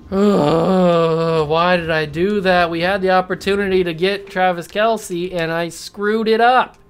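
A man's voice: sits high, steady tone, a little slow, clear, resonant tone. A young man hosting a gaming channel, giving gameplay commentary while frustrated with himself and muttering to himself. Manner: frustrated, self-scolding, talks to himself.

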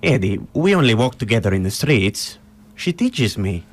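An actor playing a dreamy, gentle young Italian immigrant man, wistful in delivery. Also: on the low side, big pitch swings, moderate pace.

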